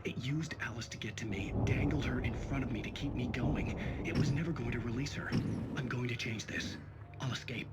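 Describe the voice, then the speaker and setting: A man's voice: steady tone, brisk, very noisy, close to an everyday voice. A man voicing a brooding doomed writer. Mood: grim. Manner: grave, low-key, dread-filled. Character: brooding male writer narrating his grim fate. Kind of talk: game voice acting, inner narration.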